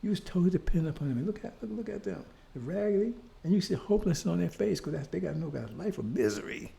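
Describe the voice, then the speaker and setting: An older man delivers an impassioned, street-style lecture on history, hammering repeated rhetorical questions and swearing occasionally. His voice sits high and sounds creaky yet mellow, and he talks fast and animatedly.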